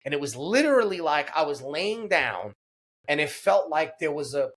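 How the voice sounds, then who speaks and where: A man's voice: fairly high pitch, sing-song, normal speed, fairly bright tone. A man guest on a podcast, earnestly retelling a personal story with many fillers and restarts.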